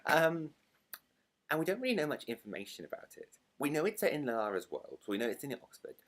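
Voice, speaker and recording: Young man, from Britain, excitable, rambling, very lively pitch, casual vlog chat. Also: brisk. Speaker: book vlogger.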